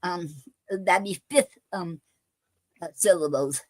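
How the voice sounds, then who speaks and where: A woman hosting a poetry show, explaining a poem form in halting casual talk with many fillers and restarts. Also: fairly low pitch, a little mellow, dry recording. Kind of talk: casual live-stream chat.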